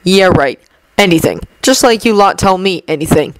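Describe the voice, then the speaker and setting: A woman's voice: fairly low pitch, expressive, moderate pace, clean tone, no room sound, natural voice, rough recording. A defiant teenage boy wizard, curt and resentful, read by a woman in a close, dry recording. He sounds fed up and guarded, snapping back at his friends. It is a plain, lightly acted storybook voice.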